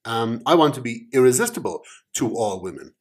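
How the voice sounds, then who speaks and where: A man's voice: mid-range voice, very animated, a little fast, breathy edge. A man voicing an ambitious guy who stumbles over his words while making his wishes. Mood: earnest. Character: ambitious man wishing for wealth and charm.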